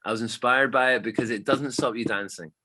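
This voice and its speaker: A man, a DJ guest telling stories in a casual, animated chat and swearing freely. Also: medium pitch, fairly quick, breathy edge.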